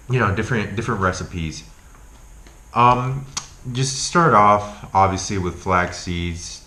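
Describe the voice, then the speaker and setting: A young man vlogging at home, talking loosely and swearing often, with lots of ums and likes. His voice is deep yet bright and forward. The room sounds echoey, with a faint hiss behind him. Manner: profane, animated, lots of filler words. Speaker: health vlogger. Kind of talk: casual vlog rant and talk.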